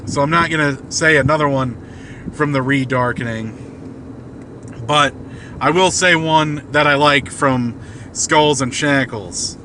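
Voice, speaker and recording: A man's voice: on the high side, a little slow, background noise. A man casually telling a long, rambling story full of fillers and restarts, recorded in a car. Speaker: podcast host. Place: car at night.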